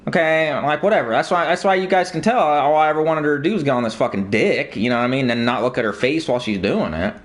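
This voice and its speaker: A man's voice: on the high side, lively intonation, quick pace, few pauses. A man ranting to his viewers in casual, profane talk, telling stories with mocking impressions. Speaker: streamer. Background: video game music.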